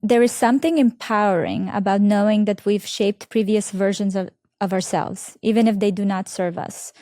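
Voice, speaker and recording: A woman podcast host in a conversational interview, asking calm, reflective questions. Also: medium pitch, normal speed, dry recording, studio quality.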